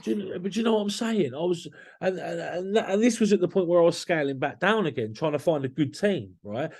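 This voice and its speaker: A man's voice: sits high, expressive, fairly quick, darkish tone. A man talking candidly as a podcast guest, blunt and swearing freely, often restarting his sentences.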